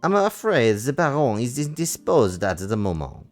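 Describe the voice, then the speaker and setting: A man's voice: medium pitch, sing-song, moderate pace, darkish tone, soft background music, pitched above the performer's own voice, lightly acted. A man voicing a flamboyant con-artist count in a hammy put-on Italian accent, with a theatrical, grand manner. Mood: smooth, theatrical.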